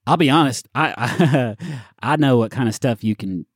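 A man's voice: medium pitch, no echo, natural voice. A wary, blunt woman official who trips over her words as she presses for answers, voiced by a man running a tabletop game. She sounds plainly suspicious. The sound is dry and close, with no room around it. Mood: guarded. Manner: halting, hesitant delivery.

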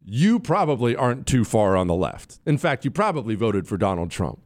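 A man's voice: mid-range voice, moderate pace. A middle-aged man hosting a political talk show, delivering an opinionated monologue and calling out to his producers and listeners. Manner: animated, opinionated, addresses producers and listeners directly.

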